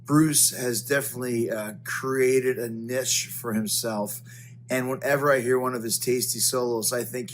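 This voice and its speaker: Easygoing man with an even mid voice. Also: medium pitch, moderate pace, slight background noise. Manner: relaxed, many ums and uhs. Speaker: inductor giving video tribute. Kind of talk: casual video message.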